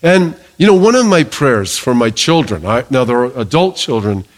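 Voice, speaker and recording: A middle-aged male pastor preaching a sermon in a lively, joking way, calling for amens from the congregation. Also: medium pitch, normal speed.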